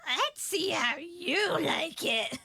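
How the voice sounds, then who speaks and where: A woman voicing a scrappy, sly male redcap goblin who haggles and bosses, in an animated story. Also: very high-pitched, takes it slowly, gravelly, full character voice. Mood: scheming.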